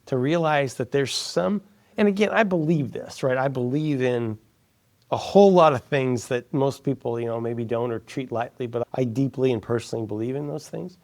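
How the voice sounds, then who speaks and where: A man with a gravelly, slightly rough voice telling a story in a relaxed interview. His pitch sits in the middle range. He talks with animation, and he goes soft and hushed when he quotes someone else. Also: normal speed. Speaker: guest.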